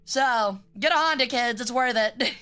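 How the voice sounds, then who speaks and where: A woman's voice: fairly high pitch, measured pace, bright, forceful tone, clear, resonant tone, soft background music. A young adult woman streaming, chatting casually in a rambling, joking way with frequent swearing.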